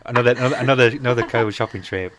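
A man chats casually on a podcast, telling long rambling stories. He swears freely and acts out the voices of the people in his anecdotes. His voice sits at a middling pitch. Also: racing, fairly bright tone. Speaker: podcast co-host. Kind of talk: casual chat.

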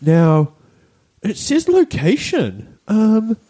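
A man imitating a ditzy young female shop clerk, asking slow, confused questions. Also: sits high, huge pitch swings, mellow, slightly rough, pitched above the performer's own voice, full character voice. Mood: ditzy, puzzled.

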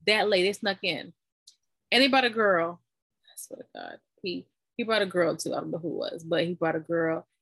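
A woman chatting casually, recounting a story with animated delivery and acting out what people said. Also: lowish voice, normal speed, vocal fry, husky, no room sound. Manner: animated storytelling, acts out quoted voices. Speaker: storyteller recounting giving birth. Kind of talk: casual chat.

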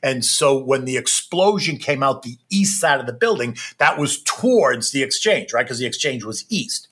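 Husky man telling a story, forceful. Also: medium pitch, animated, normal speed. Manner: emphatic, repetitive, tags "right?" onto sentences. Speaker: trader recounting a personal experience. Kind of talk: personal storytelling.

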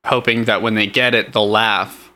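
A man's voice: on the low side, fairly even intonation, moderate pace, sharp tone. A man playing the straight man in improvised comedy, asking dry, probing questions.

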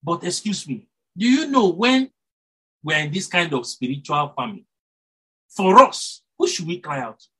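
A man preaches to his congregation, his voice swinging widely between high and low. His tone is slightly husky. He stops and restarts phrases as he builds his points. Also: moderate pace, low-quality recording. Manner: animated, rises and drops for emphasis, self-corrects, chuckles. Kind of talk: sermon.

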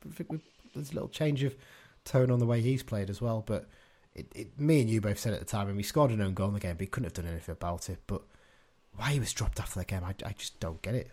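A man's voice: lowish voice, fast talker, a little mellow. A man co-hosting a casual football podcast, chatty and opinionated, often tagging his points with questions. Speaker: podcast co-host.

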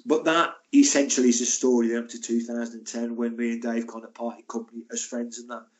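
Older male guest, lively yarn-spinner, chatty asides. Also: mid-range voice, fast. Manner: lively, acts out the voices in his stories; chatty, frequent asides like "mate" and "and that". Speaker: podcast guest, former footballer and physio. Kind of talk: anecdotal storytelling.

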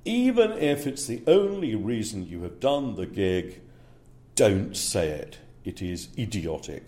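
A man's voice: fairly low pitch, very animated, slow, dark tone. A man working as a speaker agent, talking casually in an interview and checking in with "yeah?" between fillers.

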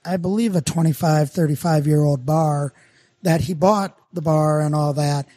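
Rambling Minnesotan brewer, slightly high voice. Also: male voice, steady tone, moderate pace, mellow, dry recording. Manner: rambling, self-deprecating storyteller with many fillers. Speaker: brewer and podcast guest. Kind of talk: casual podcast chat.

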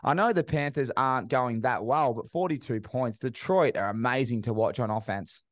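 A man's voice: mid-range voice, normal speed, no echo, studio quality. An Australian man hosting a casual sports podcast, chatty and upbeat with matey banter. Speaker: podcast host.

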